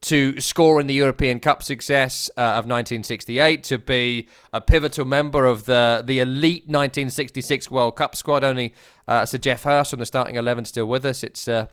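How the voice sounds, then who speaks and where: A man hosting a football podcast, talking in an earnest, reflective way with halting restarts. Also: medium pitch, steady tone, a bit bright, clear, resonant tone. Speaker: podcast host. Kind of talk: casual football podcast chat.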